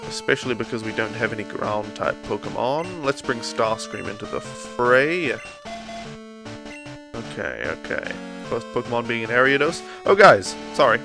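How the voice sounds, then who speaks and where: A man from New Zealand with a New Zealand accent, chatting excitably and jokingly as he livestreams a game. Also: mid-range voice, fairly quick, music in the background. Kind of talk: live gameplay commentary.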